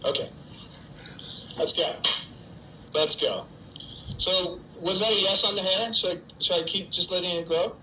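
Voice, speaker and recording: Here the middle-aged actor talks casually on his quarantine livestream, joking at his own expense as he responds to fans' typed questions for an unseen audience. His voice is high, bright and forceful, with a measured pace and long pauses. There's a little hiss or hum, and the audio is poor.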